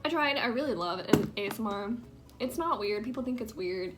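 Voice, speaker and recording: A woman's voice: mid-range voice, animated, brisk, loud music behind the voice. A young woman chatting in a rambling, filler-heavy way while doing her makeup at home, sometimes dropping into a whisper. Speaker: vlogger. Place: indoors at home.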